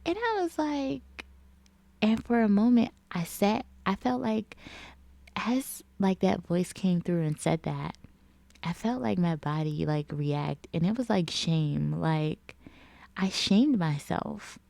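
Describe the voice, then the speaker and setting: A woman's voice: mid-range voice, lively intonation, slow pace, gravelly, dark tone, no echo. A woman in a casual reflective vlog chat, rambling with lots of filler words. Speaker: vlogger.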